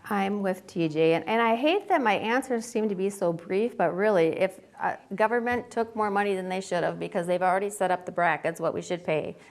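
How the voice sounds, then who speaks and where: Woman, candidate forum, animated, indignant, conversational, average pitch. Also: fairly quick, hardly any pauses.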